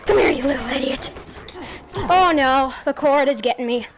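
A woman giving casual gameplay commentary at home on a headset, talking to the game and shouting at the enemies in frustration. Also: high-pitched, moderate pace, heavy background noise. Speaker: gaming YouTuber.

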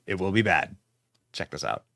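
A man's voice: low voice, very animated, moderate pace, gravelly, pushed and bright, no room sound, clean studio sound. A man hosting a political podcast, delivering mocking, theatrical commentary. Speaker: podcast host.

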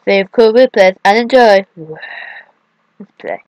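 Young guy, excitable let's-play commentary with yelps, unhurried delivery, dry close sound. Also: high-pitched, dry recording, muffled recording. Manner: excitable, yelping and shouting at the game. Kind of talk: gameplay commentary.

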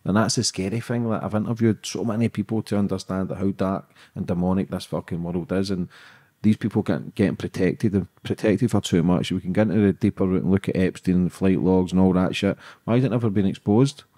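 A man hosts a podcast in casual interview talk. His voice is lowish and dark, and his manner is blunt and outspoken, with plenty of swearing. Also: steady tone, a little fast. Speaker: podcast host.

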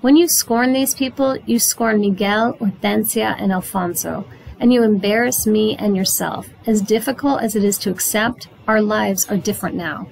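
A woman's voice: mid-range voice, creaky, a little mellow, slight background noise, lightly acted, rough recording. A woman reading aloud, voicing a dignified mother in a storybook who speaks firmly and kindly. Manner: firm, measured reproach. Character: Mama, a dignified, firm but kind mother.

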